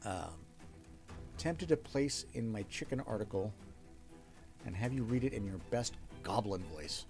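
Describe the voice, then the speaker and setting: Gravelly, chatty livestream host. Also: male voice, on the low side, lively intonation, a little slow, over music. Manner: chatty, thinks aloud, thanks viewers often. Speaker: livestream host reading requests aloud. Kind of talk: casual livestream chat.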